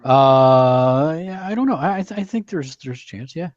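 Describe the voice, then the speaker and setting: A man's voice: medium pitch, lively intonation, normal speed, darkish tone, highs cut off. Man musing over card game tactics. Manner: reads out viewer comments and weighs strategy. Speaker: card game player and co-host. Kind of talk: casual gameplay chat.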